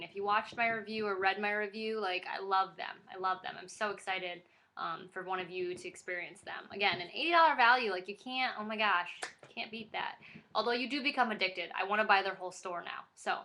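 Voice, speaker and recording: A woman's voice: medium pitch, pushed and bright. A young woman vlogging casually to camera, gushing and giddy with lots of fillers.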